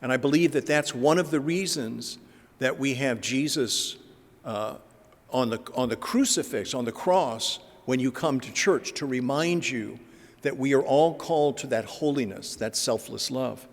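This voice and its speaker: A man's voice: mid-range voice, unhurried. Man preaching in a reverberant church. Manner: conversational, with filler words and acted-out gospel dialogue. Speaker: guest speaker. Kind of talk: Lenten talk to a parish.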